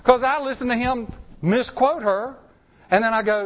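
A man with a fairly high voice delivers a sermon as the pastor. He talks in a folksy, conversational way, swinging his pitch up and down as he makes his points. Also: moderate pace.

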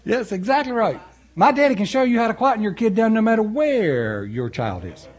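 A male pastor, preaching in a folksy, animated way with storytelling asides. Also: sits high, a little fast, lo-fi sound. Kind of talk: sermon.

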